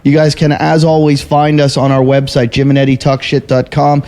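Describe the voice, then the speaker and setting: A man's voice: medium pitch, monotone, normal speed, darkish tone. Male comedian host, blunt and profane, casual banter delivery. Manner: blunt, profane, wrapping up the show. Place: jiu-jitsu gym.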